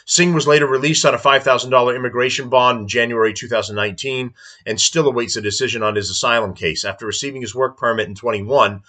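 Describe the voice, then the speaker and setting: A man's voice: medium pitch, pushed and bright. A man hosting a podcast, reading news aloud and breaking into indignant, heated commentary. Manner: indignant, heated ranting between read-out passages. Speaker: podcast host.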